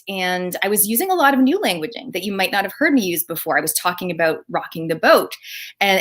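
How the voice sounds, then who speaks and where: A woman's voice: mid-range voice, a bit bright. A woman business coach giving an enthusiastic live talk, speaking straight to her viewers. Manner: upbeat, enthusiastic, addresses viewers directly.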